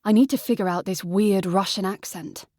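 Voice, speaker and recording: A woman reading an audiobook voices a tall, steady young man who speaks calmly and matter-of-factly. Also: mid-range voice, normal speed, no echo, clean studio sound, lightly acted.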